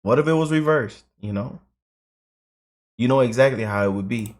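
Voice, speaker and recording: A man's voice: mid-range voice, moderate pace. A man hosting a political commentary channel, emotional and repetitive, filling his talk with "man" and "you know".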